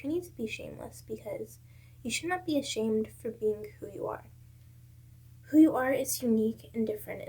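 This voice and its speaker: Young woman vlogger with a breathy, slightly raised voice, talking earnestly and openly to her camera. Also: fairly high pitch, mellow. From South Carolina. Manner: candid, earnest and personal. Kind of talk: casual advice talk to camera.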